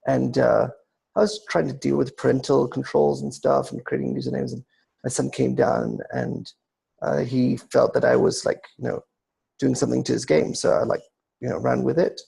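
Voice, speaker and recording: Gravelly, husky man telling a story. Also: mid-range voice, flat delivery, normal speed, dark tone. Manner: rambling storyteller, reads listener comments. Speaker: host. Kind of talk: casual discussion.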